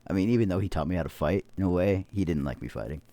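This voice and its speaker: Low-voiced man telling stories. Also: animated, rapid-fire, mellow, no room sound. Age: 30s. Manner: rambling storytelling, heavy swearing. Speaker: podcast host. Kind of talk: casual chat.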